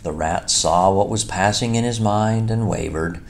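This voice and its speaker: A man reading a classic children's story aloud as an audiobook narrator, in a measured, expressive way. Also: fairly low pitch, vocal fry, slight background noise.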